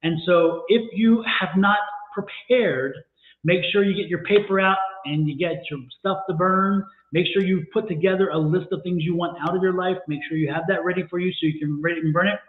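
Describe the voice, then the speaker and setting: Brief: upbeat, high-pitched man hosting a livestream, coaxing viewers step by step, echoey phone-like sound. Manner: upbeat, urging viewers with repeated instructions. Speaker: tarot reader co-host. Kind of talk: livestream chat.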